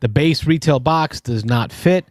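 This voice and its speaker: A man's voice: fairly high pitch, a little slow, a little mellow, no room sound. Man giving an enthusiastic game review. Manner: enthusiastic, explains in detail with self-corrections. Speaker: co-host reviewing a board game expansion. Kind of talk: casual review chat.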